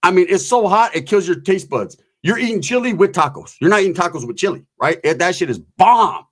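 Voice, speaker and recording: A man's voice: high-pitched, fairly quick. A man spins a profane comic yarn with plenty of energy, his voice sitting a bit above the usual male range. He keeps checking in with his listeners by tacking "right?" onto his sentences. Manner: animated, keeps tagging lines with "right?". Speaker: comedic storyteller. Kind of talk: profane comedic anecdote.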